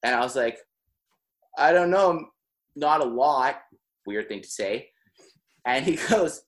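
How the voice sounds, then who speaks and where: A man's voice: medium pitch, moderate pace, fairly bright tone. A young man telling a long anecdote in casual podcast chat, full of "like" and laughing through it. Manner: rambling, heavy on "like", laughs mid-story.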